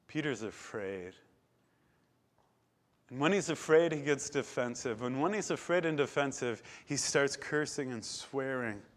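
A man preaching a sermon, retelling scripture with dramatic swings from loud declarations to hushed, quiet passages. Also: medium pitch.

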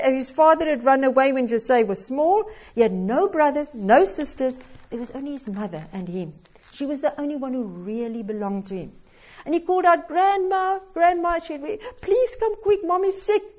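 A woman delivers a sermon that flows into a story, slow and emphatic. Her voice swings between loud stresses and quiet, dropped endings. It sits fairly high. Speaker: preacher.

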